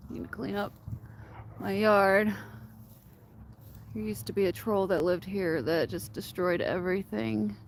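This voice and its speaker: A woman's voice: mid-range voice, a little slow, creaky, pauses often, a little hiss or hum. A woman hosting a casual livestream outdoors. She rambles, uses many fillers and coos to her dogs. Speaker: livestream host. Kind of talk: casual chat with viewers.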